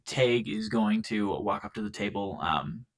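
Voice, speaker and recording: A man's voice: fairly low pitch, a little slow. A man playing a tabletop game, describing his character's actions casually. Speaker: player.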